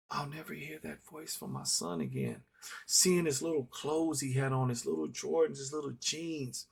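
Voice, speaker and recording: A man's voice: medium pitch, gravelly, breathy edge. A middle-aged man giving an earnest, reflective personal monologue, telling a story with heavy repetition for emphasis. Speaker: vlogger. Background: faint instrumental music.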